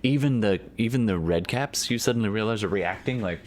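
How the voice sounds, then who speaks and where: Deep-voiced man running a tabletop game. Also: fairly quick, a loud crowd. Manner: meandering, many fillers and restarts. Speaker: game master.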